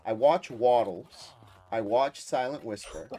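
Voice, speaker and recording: This man from Massachusetts, USA, hosts a gaming livestream and chats casually with his live chat viewers, rambling and slipping freely into Spanish. His mid-range voice is expressive and warm, with a slightly slow pace.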